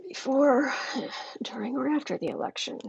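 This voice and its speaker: A woman's voice: sits high, animated, normal speed, gravelly, a little mellow, breathy edge, lo-fi sound. A woman doing a live tarot reading, chatty and thinking aloud, with many restarts. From United States. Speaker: tarot reader.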